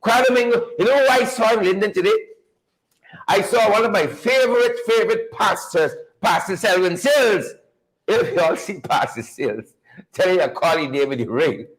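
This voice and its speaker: A Guyanese man hosting a livestream, greeting viewers one by one by name in a playful, animated way. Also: high-pitched, normal speed, rough recording. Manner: animated, playful, repeats phrases for emphasis. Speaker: livestream show host.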